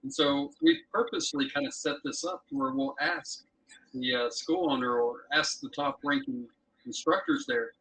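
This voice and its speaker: A man who is a podcast guest and martial arts instructor, telling anecdotes in a lively way. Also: medium pitch, normal speed, distant mic, low-quality recording. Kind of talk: casual podcast conversation. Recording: husky voice from off-mic.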